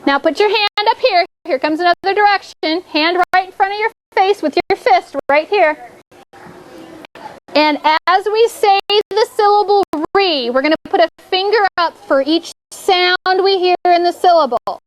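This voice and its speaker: A woman's voice: very high-pitched, normal speed. A woman teaching a spelling lesson to a class of children, checking in often with "okay?" and giving step-by-step directions. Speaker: elementary school teacher.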